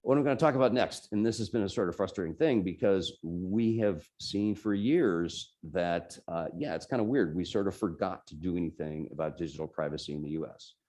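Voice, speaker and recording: The guest presenter at this computer user group meeting explains tech policy informally in a New Jersey accent. He talks a little fast in a low, mellow voice, barely pausing.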